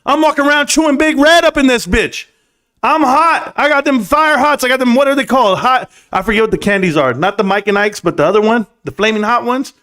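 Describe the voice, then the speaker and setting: A man's voice: very high-pitched, a little fast. A middle-aged man hosting a late-night stock livestream, brash and boastful, trash-talking and breaking into song. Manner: bursts into singing and shouting. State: out of breath.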